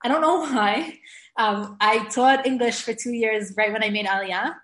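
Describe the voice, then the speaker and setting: A woman giving an informal Hebrew grammar lesson, chatty and given to laughing, slowing down to spell out example words. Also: a little high, a bit bright, roomy sound.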